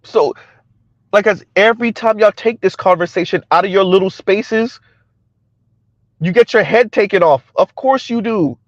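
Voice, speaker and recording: High-pitched man, blunt mocking commentary, dry dull lo-fi sound. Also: moderate pace, no echo. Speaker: commentary channel host. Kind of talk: casual social media commentary.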